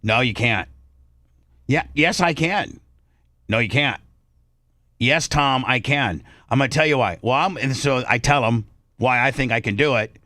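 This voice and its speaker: A man's voice: mid-range voice, a little slow, long pauses, pushed and bright, no room sound. A brash male talk-radio host spins a story, playing out both sides of the argument in his telling. His voice sits in a middle range and is picked up close in a dry studio.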